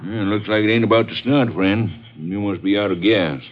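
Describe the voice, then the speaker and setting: A man's voice: lowish voice, moderate pace, very noisy, natural voice. An older man playing a folksy small-town constable in 1950s radio drama acting. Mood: genial. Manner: easygoing folksy drawl. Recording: muffled old radio broadcast.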